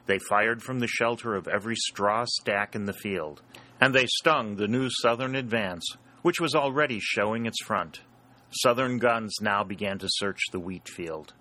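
A man reading an adventure story aloud as its narrator, in a steady, dramatic storytelling manner. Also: fairly low pitch, normal speed. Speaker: audiobook narrator. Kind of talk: scripted narration.

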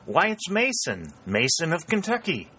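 A man's voice: fairly high pitch, huge pitch swings, moderate pace, husky, voice pushed up, full character voice. A man doing a joyous young soldier. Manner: joyous, hailing loudly. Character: tall lean cheerful young male soldier.

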